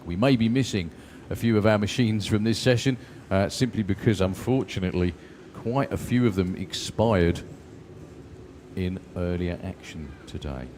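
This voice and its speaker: A man calls drag racing from the commentary tower in a low, lively voice that swoops up and down. He is chatty and relaxed with his co-hosts, and there is a faint hum of engines behind him. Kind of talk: live race commentary.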